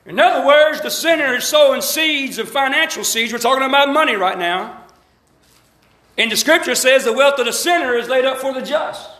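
A man from Alabama preaching with a strong Southern accent, his voice very high for a man and bright, nearly sharp. He keeps calling out to the congregation for answers, swinging from emphatic rising lines to folksy asides. The sound is roomy and echoey, as in a church sanctuary. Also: moderate pace. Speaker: pastor. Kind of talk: sermon.

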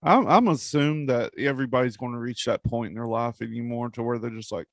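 A man's voice: mid-range voice, fast talker, no room sound, clean studio sound. A man as a podcast guest in casual chat, laid-back, swearing and laughing often.

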